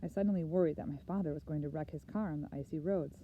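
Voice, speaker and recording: A woman reading a first-person novel aloud in an earnest, measured storytelling manner. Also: sits low, narrow, tinny audio, slight background noise. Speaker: audiobook reader.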